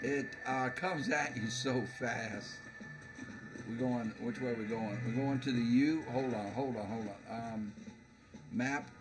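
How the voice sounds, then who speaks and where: A man's voice: medium pitch, steady tone, slow pace, over loud music. A man playing a video game and commenting as he goes, laughing often and stammering through fillers. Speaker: let's play host. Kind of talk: gameplay commentary.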